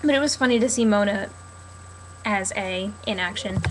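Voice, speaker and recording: A woman's voice: medium pitch, moderate pace, slight background noise, poor audio. A young woman rambling casually and sarcastically about a TV episode, with lots of fillers. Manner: chatty, sarcastic, many fillers. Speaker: TV recap vlogger.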